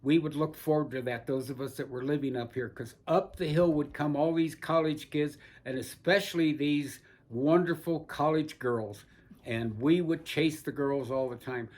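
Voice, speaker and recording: A man's voice: fairly high pitch, normal speed, darkish tone. An older man telling rambling, folksy stories from his past in an oral history interview, with frequent restarts. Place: seated indoors in a barber chair.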